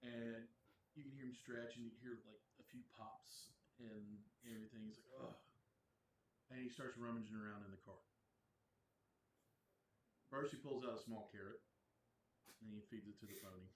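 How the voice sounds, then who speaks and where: A man's voice: lowish voice, fairly even intonation, normal speed, long pauses. A man narrating as game master of a tabletop game, descriptive and full of fillers, in an echoey room. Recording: echoey room with faint noise.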